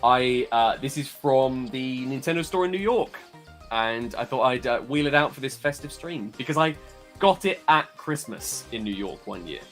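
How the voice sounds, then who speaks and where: A man guesting on a live stream, chatty and quick to laugh, filling pauses with ums. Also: mid-range voice, expressive, fairly bright tone, faint music behind. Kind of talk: casual live-stream chat.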